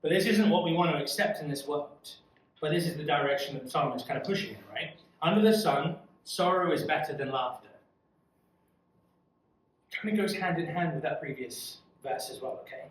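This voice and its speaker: Male youth Bible study leader, higher-pitched, earnest and conversational; recorded from a distance in a very reverberant room. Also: fairly quick, slight background noise. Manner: earnest, conversational, asks the group questions. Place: church room. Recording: echoey room from far off.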